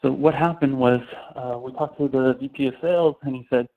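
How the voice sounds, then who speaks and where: Male sales trainer, mid-pitched, lively casual storyteller; thin lo-fi audio. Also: a little fast. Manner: casual, animated anecdote-telling. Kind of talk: storytelling talk. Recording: tinny phone-like sound.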